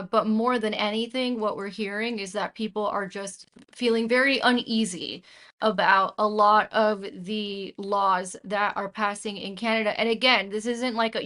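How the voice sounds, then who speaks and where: A woman's voice: medium pitch, a bit bright. A woman hosting a casual conversation, emphatic and opinionated, from the United States. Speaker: host.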